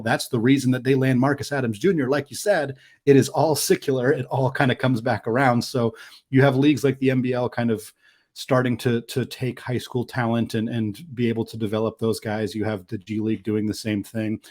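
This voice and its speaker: A man with a mid-range voice co-hosts a casual sports podcast. He speaks in a measured, analytical way and often pauses to restart a thought. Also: mid-range voice, fairly even intonation, a little mellow. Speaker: podcast co-host.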